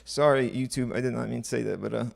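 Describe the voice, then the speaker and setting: A man's voice: mid-range voice, fairly even intonation, quick pace, vocal fry, dry recording, clean studio sound. A young man hosting a casual livestream, reading online posts aloud and commenting bluntly with profanity. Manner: blunt, profane, offhand asides.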